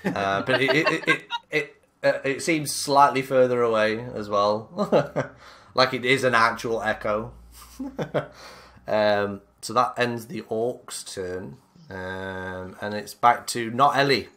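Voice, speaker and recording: Slow, bright-voiced man running a game. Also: medium pitch. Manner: unhurried, hesitant, many fillers. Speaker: game master. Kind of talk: narrating a tabletop game.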